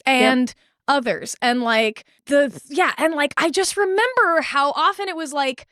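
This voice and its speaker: A woman's voice: sits high, unhurried, fairly bright tone, dry recording, clean studio sound. A young woman co-hosting a podcast, talking candidly and swearing freely as she recounts experiences. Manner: candid, swears freely, acts out quoted people. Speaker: podcast co-host. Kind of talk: casual chat, recounting experiences.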